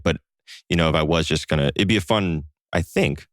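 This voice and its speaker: A man talking casually as a podcast guest, telling relaxed stories with lots of fillers. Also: very deep voice, brisk, no room sound, clean studio sound. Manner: relaxed storyteller with frequent fillers. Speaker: podcast guest, co-founder of a satire site. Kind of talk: casual conversation.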